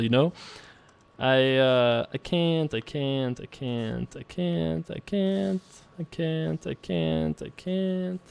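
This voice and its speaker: A man's voice: on the high side, no room sound. A man hosting a poker video, talking casually and playfully with lots of fillers and little laughs while he plays. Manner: rambling and playful, many fillers, frequent self-laughing asides. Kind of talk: casual commentary while playing online poker.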